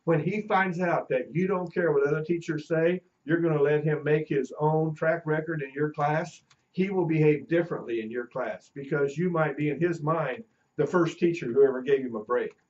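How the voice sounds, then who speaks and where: A man's voice: on the high side, moderate pace, darkish tone, lo-fi sound. A middle-aged man teaching a class, telling anecdotes and acting out the voices of people in his stories. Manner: storytelling, acts out quoted voices. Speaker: teacher educator.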